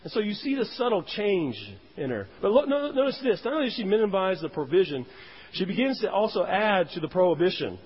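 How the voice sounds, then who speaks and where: A man's voice: high voice, sing-song, brisk, husky. A man preaching a sermon as a pastor, emphatic, rising and dropping his voice to stress points. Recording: dull, roomy hall sound.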